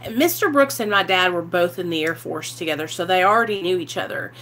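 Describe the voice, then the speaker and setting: A woman, candidly telling her life story to the camera, animated and swearing freely, acting out what people said. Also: on the low side, fairly quick, slight background noise. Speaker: vlogger sharing recovery story.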